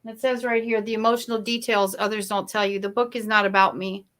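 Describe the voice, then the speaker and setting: A woman's voice: medium pitch, flat delivery, fast talker, fairly bright tone. A woman speaking as a guest in a motivational interview, emphatic and storytelling. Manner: emphatic, storytelling, shifts pace for effect.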